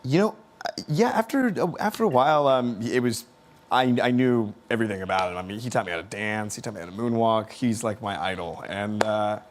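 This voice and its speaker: A man telling a story in an interview, halting and laughing, with many fillers. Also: lowish voice, a little hiss or hum. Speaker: interview guest. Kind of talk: casual storytelling.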